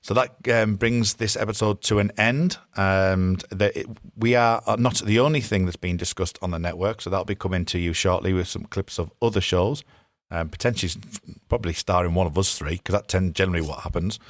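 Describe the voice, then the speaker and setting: A man with a very low voice wraps up a podcast episode in an easy, meandering way. He stops and restarts often and leans on fillers. His voice sounds dry and close. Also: a little fast, dry recording. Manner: rambling, with many fillers and restarts. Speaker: podcast co-host. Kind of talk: casual podcast chat and sign-off.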